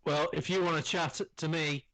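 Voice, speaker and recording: A man's voice: a little high, fairly even intonation, moderate pace, a bit bright, no echo, low-quality recording. A man co-hosting a gaming podcast, talking in a chatty, rambling way with many fillers. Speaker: podcast co-host. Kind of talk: casual podcast chat.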